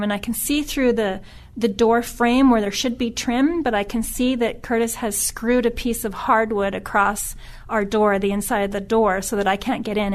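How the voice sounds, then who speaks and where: A middle-aged woman who is a podcast guest, telling a personal story in a subdued, earnest way that often stops and restarts. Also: a little high. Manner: halting, with frequent restarts.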